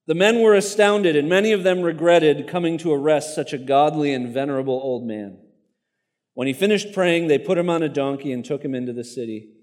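A man's voice: a little high, a little mellow, long reverb tail. A man preaching a sermon, reading a martyr story aloud in an earnest tone with casual asides to the congregation.

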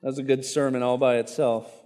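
A man's voice: mid-range voice, flat delivery, fast talker, a little mellow, big-room sound. A man preaching a sermon, reading a martyr story aloud in an earnest tone with casual asides to the congregation.

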